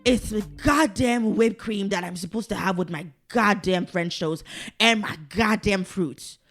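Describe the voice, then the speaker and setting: A woman's voice: mid-range voice, unhurried, a bit bright, faint music behind. Foul-mouthed young woman ranting. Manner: swears a lot, ranty and digressive; exasperated, exaggerated complaining. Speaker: podcast host. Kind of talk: casual solo podcast rant.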